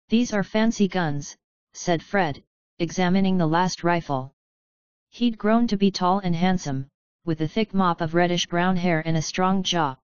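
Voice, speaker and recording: A woman narrating a story in a steady, even reading voice. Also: on the low side, clear, resonant tone, dry recording, highs cut off. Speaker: audiobook narrator. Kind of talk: scripted narration.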